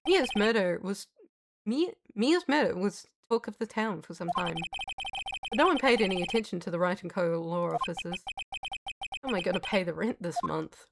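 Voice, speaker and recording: A woman voicing a tired, put-upon young male lawyer with a flat, deadpan, grumbling delivery. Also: mid-range voice, normal speed, vocal fry, background noise, voice pushed down. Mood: weary.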